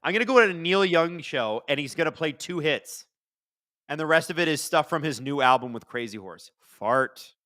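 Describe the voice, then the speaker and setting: A man's voice: on the high side, moderate pace, no echo, studio quality. A man casually hosting a live hockey watchalong, chatting with viewers and telling rambling stories between plays. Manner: rambling, chatty, jumps from storytelling to excited play calls. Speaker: livestream watchalong host.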